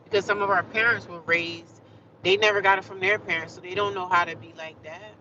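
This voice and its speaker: A woman's voice: lowish voice, fairly even intonation, fairly quick. A woman chatting on a livestream, encouraging and preachy, talking straight to her viewers. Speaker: livestreamer sharing her life. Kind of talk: casual motivational livestream chat. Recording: distant, dull mic with loud traffic noise.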